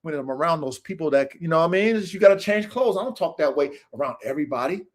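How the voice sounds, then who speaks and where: A man's voice: fairly high pitch, expressive, fast. A man hosting his own show, talking unscripted to viewers in an aggressive, profane, preachy street style. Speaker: show host.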